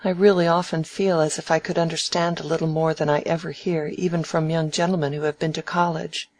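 A reader voicing a proud, sharp-witted young woman in a novel, speaking crisply and earnestly with a teasing edge. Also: medium pitch, flat delivery, fairly quick, close to an everyday voice. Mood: earnest, spirited. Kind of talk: audiobook dialogue reading.

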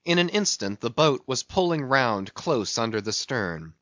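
A male narrator reads a classic novel at a slow, deliberate pace, his pitch in an average middle range. The recording is dry and close, and it sounds somewhat dull and lo-fi. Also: sing-song, a bit bright, no echo. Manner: measured, deliberate reading. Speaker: audiobook reader.

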